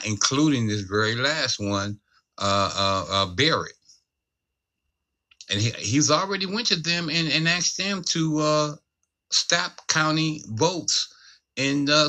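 A man co-hosts a casual commentary podcast and speaks to his audience as ladies and gentlemen. His voice sits low but has a sharp, bright edge. He wanders off on side remarks before coming back to the main point. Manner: addresses listeners as ladies and gentlemen, digressive. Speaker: podcast co-host.

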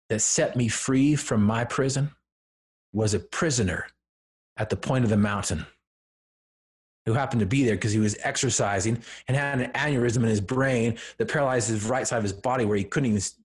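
A man, a podcast guest, telling a personal story in an earnest, emphatic way that builds to firm declarations. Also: medium pitch. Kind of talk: personal story told in conversation.

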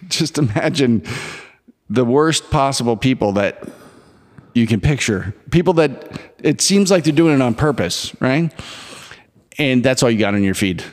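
A man's voice: mid-range voice, unhurried, pauses often. A man in his forties co-hosting a podcast, chatting casually and acting out movie scenes as he retells them. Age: 40s. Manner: animated storyteller, acts out movie scenes. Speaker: podcast co-host. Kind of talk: casual chat. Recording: long hall reverb.

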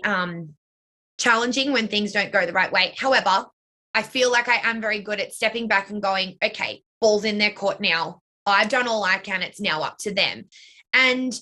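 A young woman answers interview questions about coaching dance and cheer. Her voice is bright and a little sharp, and she talks in a loose, chatty way with plenty of "like" and "you know". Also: on the high side.

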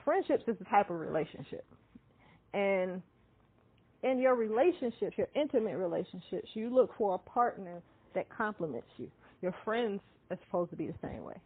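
A woman in her thirties, co-hosting a casual chat and telling candid, animated stories with frequent laughter. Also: mid-range voice, normal speed, slightly rough, no room sound. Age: 30s. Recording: dry, tinny phone-like sound.

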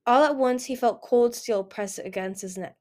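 A woman's voice: on the high side, normal speed. Woman reading a fantasy audiobook. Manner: steady reading with frequent self-corrections. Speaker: audiobook reader. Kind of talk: fan audiobook narration.

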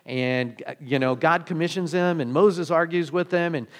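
A man's voice: on the high side, normal speed. A male pastor preaching a sermon in a conversational way, asking many rhetorical questions and often restarting his sentences.

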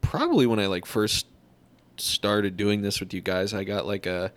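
A man's voice: fairly low pitch, moderate pace. A man, co-hosting a casual podcast chat, cracking crude jokes and laughing often. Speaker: podcast co-host.

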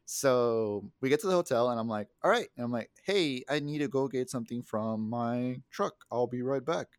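A young male podcast co-host with a medium-pitched voice speaks at normal speed in casual chat, telling a rambling, profane story packed with acted-out quotes. The studio sound is clean, with no room sound.

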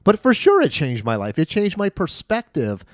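A man's voice: fairly high pitch, normal speed, dry recording, studio quality. A man chatting on a podcast, telling stories with lots of energy and acting out what people said. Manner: animated storyteller, acts out quotes. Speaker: podcast guest. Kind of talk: casual podcast chat.

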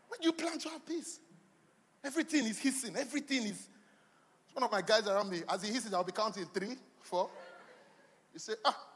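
A man preaching a sermon, swinging between loud declarations and quiet asides. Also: moderate pace, long pauses, breathy edge. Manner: animated preaching, swinging from shouts to low asides. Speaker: pastor. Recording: long hall reverb.

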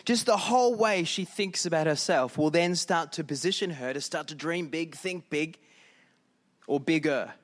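A man's voice: a little high, moderate pace. A middle-aged man preaching a conversational sermon as pastor and leading prayer.

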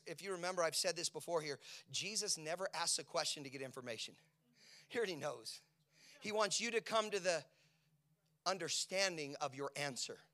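A male pastor preaching a sermon, swinging from loud emphatic lines to low dramatic asides and acting out quoted speech for the congregation.

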